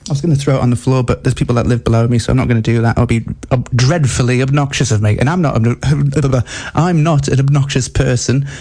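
A young man hosting a radio show in a flat at home, rambling through improvised, self-mocking jokes. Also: mid-range voice, quick pace, husky. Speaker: radio host. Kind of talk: improvised comic radio chat.

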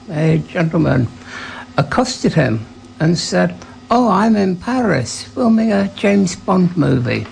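A radio presenter telling a relaxed anecdote before playing a record, with a few hesitant fillers. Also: mid-range voice, gravelly, slight background noise, rough recording. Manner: relaxed storytelling with fillers and acted quotes.

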